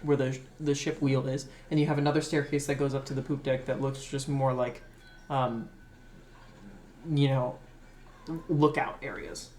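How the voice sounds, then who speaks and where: Casual game master in an echoey room. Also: male voice, mid-range voice, little pitch movement, moderate pace, darkish tone. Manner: casual, hesitant with many fillers. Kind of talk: explaining a tabletop game map. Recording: echoey room, faint background noise.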